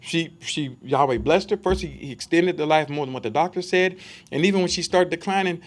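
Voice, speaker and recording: A man's voice: on the high side, a little fast. A man giving a conversational Bible study sermon, emphatic and full of rhetorical questions for his listeners.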